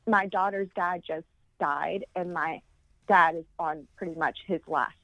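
A woman's voice: measured pace, fairly bright tone, dry recording, poor audio. A grieving woman guest on a podcast, telling her story in a rambling way and acting out the voices of people she quotes. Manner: rambling, acts out quoted voices with big jumps in pitch. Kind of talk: casual conversational storytelling.

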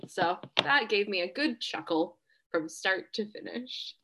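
A woman's voice: mid-range voice, lively intonation, measured pace, noisy background. A woman co-hosting a casual podcast, playfully acting out quotes as she retells them. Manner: playful, quotes others in silly voices. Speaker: podcast co-host. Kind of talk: casual recap chat.

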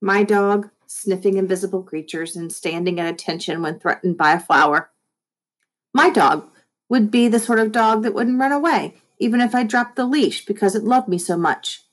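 A woman teacher reading a children's book aloud, speaking to the kids in a friendly, expressive way. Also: medium pitch, moderate pace. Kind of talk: read-aloud storybook narration for children.

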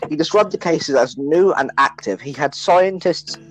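A man's voice: a little high, moderate pace, over music, rough recording. Young man reading news in a podcast chat. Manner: joking, swears freely. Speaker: podcast co-host. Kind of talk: casual chat, reading a news report aloud.

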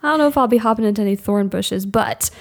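A woman co-hosting a relaxed conversation about faith, her voice sitting squarely in the middle range. She talks loosely and chattily, with plenty of filler words and easy laughter. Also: mid-range voice, fast, vocal fry. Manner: chatty, laughs often, many filler likes. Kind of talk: casual faith chat.

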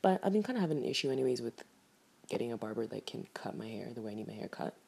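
A young woman telling a casual storytime rant to camera, animated and exasperated, swearing freely. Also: very deep voice, racing, creaky, breathy edge. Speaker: vlogger.

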